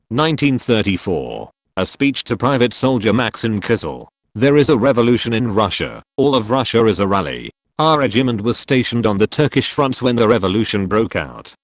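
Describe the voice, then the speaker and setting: A man reading a historical novel aloud as an audiobook narrator, in a solemn, measured way. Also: on the low side, no room sound, clean studio sound.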